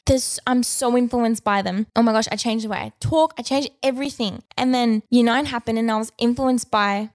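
A woman's voice: on the high side, no room sound. Earnest rambling woman podcaster, dry close sound. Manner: earnest, rambling, with many fillers and restarts. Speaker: podcast co-host. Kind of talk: casual faith podcast chat.

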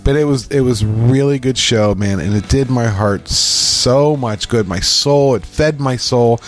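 A middle-aged man from Pennsylvania, co-hosting a podcast and telling stories in casual chat, acting out quotes with lively animation. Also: medium pitch, measured pace. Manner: animated storyteller, acts out quotes. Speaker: podcast co-host.

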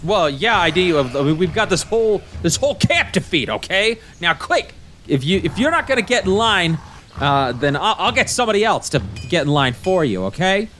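A man voicing a gruff, impatient female camp cook who barks orders and threatens. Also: high-pitched, big pitch swings, normal speed, a bit bright, a little hiss or hum, pitched above the performer's own voice.

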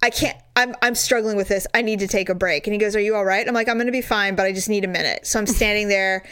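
A woman in casual chat, telling an animated story, laughing and swearing freely. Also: mid-range voice, fast talker, clear, resonant tone.

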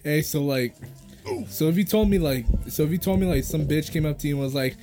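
A young man guesting on a podcast, cracking deadpan jokes in crude casual banter. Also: fairly high pitch, brisk, over music.

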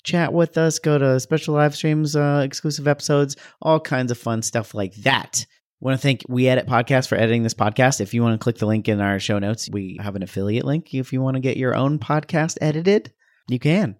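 A man co-hosting a podcast, easygoing in casual chat and brisk when reading the show's plugs. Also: medium pitch, steady tone. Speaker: podcast co-host.

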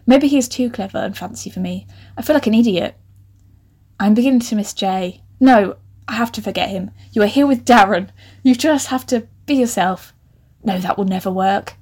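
Animated woman reading aloud. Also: mid-range voice, normal speed, husky. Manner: animated and laughing, with sarcastic asides. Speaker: podcast host reading her old writing. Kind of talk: comic reading with commentary.

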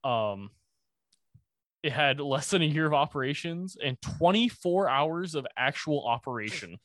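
A man's voice: fairly high pitch, expressive, unhurried, fairly bright tone, no echo. A young man in casual podcast chat, rambling through an explanation with laughs and the odd curse. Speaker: presenter of a conspiracy topic.

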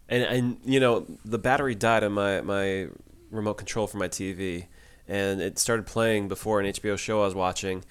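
A man with a fairly low voice co-hosts a casual podcast. He chats loosely, laughs easily and often restarts his sentences mid-thought. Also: smooth. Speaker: podcast co-host. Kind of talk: casual chat.

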